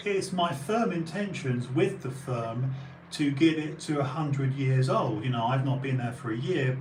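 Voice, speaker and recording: A British man who owns an auction house and live streams chats casually on a podcast, rambling with many fillers and restarts and bursts of emphasis. His voice is on the high side, and the low-quality recording sounds roomy and far from the mic, with slight background noise.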